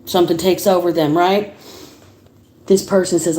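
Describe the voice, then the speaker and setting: A woman giving a casual livestream tarot reading, chatty and animated, laughing often and swearing casually. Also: fairly low pitch, moderate pace, long pauses, a little hiss or hum. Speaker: tarot reader. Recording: roomy echo.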